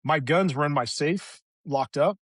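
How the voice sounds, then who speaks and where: A man's voice: a little high, unhurried, no room sound. A middle-aged man, a veteran guest on a podcast, candidly recounting a hard personal story, raw and emotional, swearing freely.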